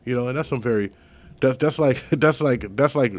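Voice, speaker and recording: A man chatting as a podcast guest, telling stories in an animated, profane way. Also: mid-range voice, fairly quick. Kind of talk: casual podcast chat.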